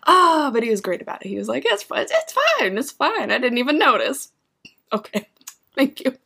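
Animated bright-voiced woman telling stories. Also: on the high side, a little fast, creaky, husky. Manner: animated, laughs often, acts out her own reactions. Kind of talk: casual storytelling chat.

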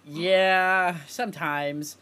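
A man co-hosting a review podcast in casual chat, reacting quickly and restarting his sentences. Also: sits high, steady tone, bright, forceful tone, clear, resonant tone. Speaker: podcast co-host.

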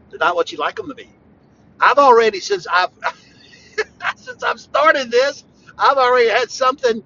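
A man preaching on a podcast in an informal, conversational way, emphatic and repetitive, with sudden bursts of loud emphasis. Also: sits high, lo-fi sound, a little hiss or hum. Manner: conversational, talks straight to the listener. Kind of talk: informal devotional podcast talk.

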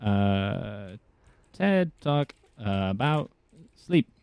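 A man's voice: fairly low pitch, very animated, extremely slow, darkish tone, smooth, no echo. A man co-hosting a podcast, a voice actor chatting casually, rambling with many fillers and restarts. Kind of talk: casual chat.

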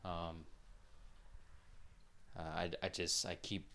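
A man's voice: low-pitched, level tone, takes it slowly, vocal fry, bright, forceful tone, a little hiss or hum. A young man hosting a solo podcast, rambling casually with lots of swearing and filler words. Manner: rambling and profane, full of fillers. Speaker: podcast host.

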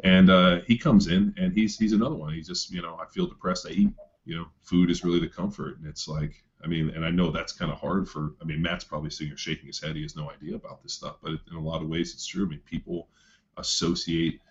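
A man's voice: low-pitched, fairly even intonation, quick pace. A man coaching athletes, rambling through a story in casual chat with lots of fillers and swearing. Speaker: coach telling a client story. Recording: dull lo-fi sound.

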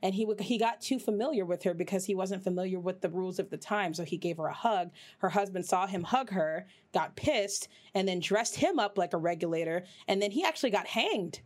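A woman hosting a podcast, chatting casually and rambling, swearing freely, with her voice jumping up high when she gets worked up. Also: brisk, few pauses. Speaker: podcast host. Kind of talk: casual chat.

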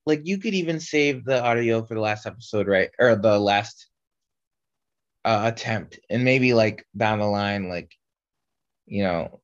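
A young man co-hosting a casual podcast, rambling with many fillers and restarts. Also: medium pitch. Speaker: podcast co-host. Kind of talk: casual chat. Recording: slightly dull lo-fi audio.

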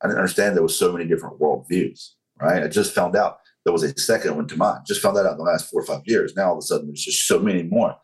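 A Southern man from North Carolina, in his forties, gives his story in an interview, keeping it slow, controlled, and honest. His voice sits low, and the recording sounds rough.

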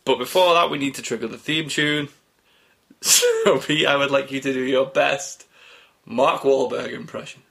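Man, podcast co-host, casual chat, bright tense voice, mid pitch, laughs a lot. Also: very animated, a little slow, gravelly. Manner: chatty, laughs often, trails off mid-sentence.

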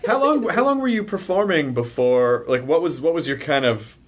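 Playful podcast host with a lively voice. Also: mid-range voice. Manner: playful, quick to joke, laughing. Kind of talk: casual podcast chat.

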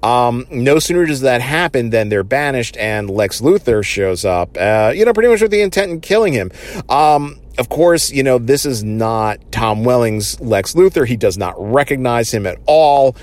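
A man's voice: medium pitch, lively intonation, normal speed. A man casually recapping a TV episode, enthusiastic and rambling, with many fillers.

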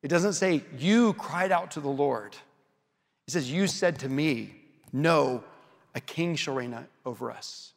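A man preaching an expository sermon, slowing down and dropping his voice for emphasis. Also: a little high, gravelly, big-room sound. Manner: varies pace and loudness for emphasis.

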